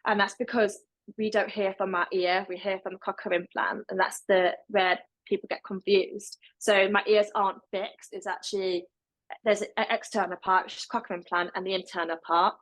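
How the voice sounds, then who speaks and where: A woman's voice: medium pitch, little pitch movement, normal speed, fairly bright tone, poor audio. A young woman with a deaf accent, speaking as a podcast guest in casual interview talk, with a fairly level delivery and some words pronounced differently.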